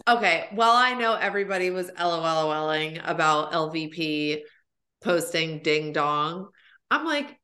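Bright-voiced chatty woman podcaster. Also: fairly low pitch, normal speed. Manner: chatty, profane, lots of fillers. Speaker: podcast host. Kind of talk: casual chat.

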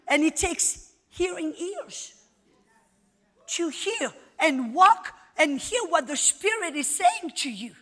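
A woman's voice: high voice, sharp tone, big-room sound. A woman Bible teacher preaching a sermon at a live event. She speaks emphatically and repeats her phrases with rising force. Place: large hall at a live event.

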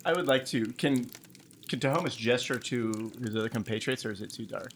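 A man's voice: medium pitch, fairly quick. A man playing a tabletop game, hesitant and restarting his phrases. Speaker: player. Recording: faint background noise.

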